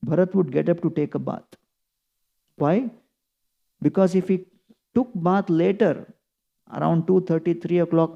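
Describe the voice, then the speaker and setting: A man's voice: fairly high pitch, gravelly, dull audio. A man giving a scripture class as a sermon, telling the story earnestly with emphatic rises. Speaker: preacher.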